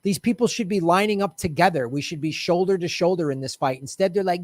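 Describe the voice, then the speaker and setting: A man's voice: high voice, fast talker, hardly any pauses, no room sound, clean studio sound. A man ranting about politics with a raised, frustrated voice and a sarcastic edge. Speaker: political commentator. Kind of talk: ranting monologue.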